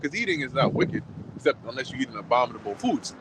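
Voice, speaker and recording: A man's voice: mid-range voice, big pitch swings, fast talker, noisy background. A man in a casual group chat who talks loosely and repeats words as he goes. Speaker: discussion participant.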